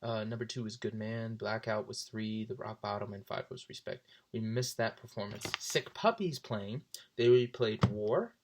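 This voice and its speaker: Young man, casual storyteller, lively, jumps into higher voices for quotes. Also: moderate pace, slight background noise. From South Jersey. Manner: animated, jumps into high voices for quoted people. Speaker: vlogger.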